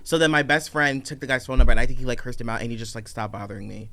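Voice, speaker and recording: A young man guesting on a podcast, chatting in a relaxed, self-deprecating way. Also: mid-range voice, racing. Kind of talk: casual chat.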